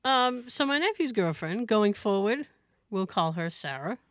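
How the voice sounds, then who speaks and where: A woman co-host tells a story on a podcast, casual and animated, laughing often. She speaks at a measured pace in a medium-pitched voice.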